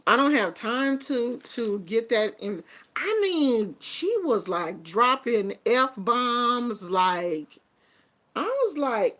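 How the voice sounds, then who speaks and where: A middle-aged woman vlogger chatting casually on a livestream, reading viewer comments in an animated, sassy way, going from low murmurs to loud exclamations. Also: slow.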